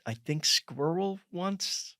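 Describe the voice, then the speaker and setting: Enthusiastic man with an expressive voice. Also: sits high, slow pace, no room sound, studio quality. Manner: enthusiastic, emphatic. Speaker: guest. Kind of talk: casual chat.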